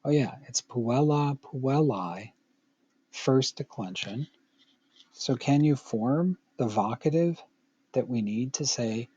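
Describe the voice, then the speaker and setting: A man's voice: medium pitch, lively intonation, slow, warm tone, husky, highs cut off. A middle-aged man teaching a recorded Latin grammar lesson, patient and playful, with joking asides to the student.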